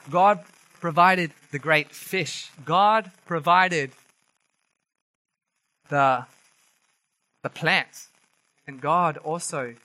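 A man preaching a sermon, telling the story in a lively, animated way and acting out quoted voices. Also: high-pitched, no room sound, low-quality recording.

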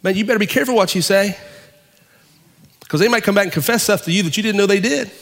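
Male pastor, high-pitched, dramatic preaching with pauses and hushed stretches, reverberant church sound. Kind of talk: sermon.

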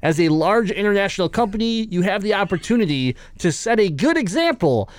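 A male podcast host with a slightly high voice, chatting loosely and laughing often between jokes. He reads out quotes in a casual, offhand way. The sound is dry and close. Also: big pitch swings, fairly quick, no echo.

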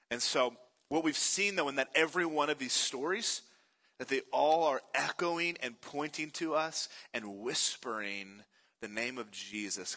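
A man preaching a sermon, telling stories with energy and asking the congregation questions. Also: mid-range voice. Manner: animated storytelling, asks the congregation questions. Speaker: pastor.

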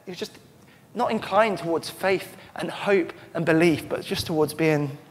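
A pastor preaches a sermon in a slightly high male voice at normal speed, earnest and emphatic, frequently restarting his phrases. Long church-hall reverb surrounds the recording.

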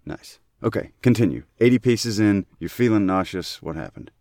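Male podcast co-host, lowish voice, deadpan wry asides, dry close recording. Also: normal speed, no echo. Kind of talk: casual podcast chat.

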